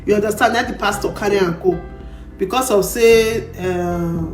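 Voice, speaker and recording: A woman's voice: mid-range voice, normal speed. Nigerian Pidgin woman commenting in an echoey room. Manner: lecturing, drawing lessons. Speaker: channel host. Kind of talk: commentary on a played clip. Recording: roomy echo with faint music.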